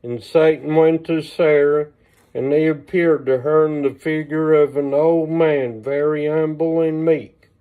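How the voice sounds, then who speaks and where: A man reading an old religious text aloud on a livestream, slow and measured, with small asides, recorded on a phone. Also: a little high, fairly even intonation, clean tone. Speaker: reader. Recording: tinny phone-line sound.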